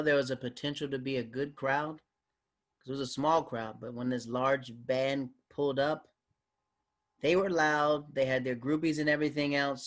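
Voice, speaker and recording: Male comic telling road stories, animated, average pitch. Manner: animated, acts out other people's voices. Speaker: guest comedian. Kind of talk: casual storytelling in a podcast interview.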